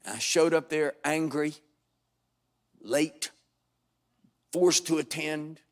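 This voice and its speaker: An older man preaching a storytelling sermon to a congregation, wry and dramatic with sudden loud bursts. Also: on the high side, slow pace. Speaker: pastor. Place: church sanctuary before a congregation.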